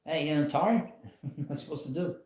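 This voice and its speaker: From a rocking chair at home, a channel host runs a casual live stream, talking fast in a fairly high, slightly mellow voice. The room is echoey. He rambles, speaks bluntly, and chuckles often.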